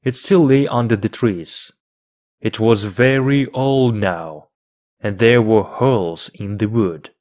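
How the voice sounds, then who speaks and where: Brief: male English teacher, low voice, very slow, deliberate reading for learners. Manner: measured, even phrasing for learners.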